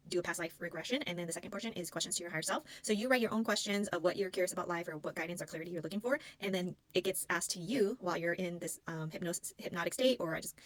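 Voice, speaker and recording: A woman's voice: fairly low pitch, rough recording. A woman who works as a spiritual healing practitioner, telling a personal story in an earnest, rambling way and often searching for words. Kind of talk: casual personal storytelling to camera.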